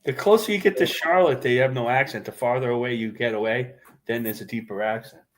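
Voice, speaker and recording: A man from New York, relaxed and chatty, trading jokes on a drawing stream. His voice sits at a middle pitch and sounds plain and everyday. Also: brisk. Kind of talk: casual chat on a drawing stream.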